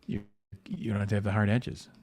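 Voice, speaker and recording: A man with a fairly low voice, chatting loosely as he paints comic art on a livestream. He rambles, restarts his sentences and leans on "you know" over and over. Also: flat delivery, fairly quick, a little mellow. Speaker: comic book artist. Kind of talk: casual livestream chat while painting.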